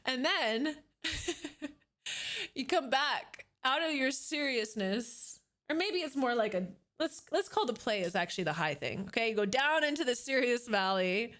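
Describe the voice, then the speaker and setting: A woman in her thirties talks straight into her desk microphone during a casual livestream. Her voice sits high, and she sounds excited and animated throughout, swearing freely as she chats. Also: measured pace. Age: 30s.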